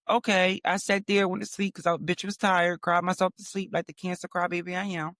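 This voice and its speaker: High-voiced man telling a profane story. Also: a little fast, hardly any pauses, no echo, clean studio sound. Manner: animated, profane, dramatic storytelling. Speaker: podcast host. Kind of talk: storytelling monologue.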